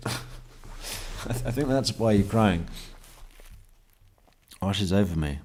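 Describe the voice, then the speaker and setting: Male true crime commentator, slow and deliberate, low voice, sardonic with lots of laughter. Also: expressive, darkish tone, a little hiss or hum. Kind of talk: reading testimony aloud with commentary.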